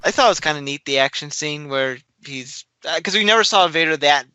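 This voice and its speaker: A man's voice: fairly high pitch, a little fast, sharp tone, smooth, dry recording. A man co-hosting a podcast in casual chat, rambling and laughing at his own slips. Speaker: podcast co-host.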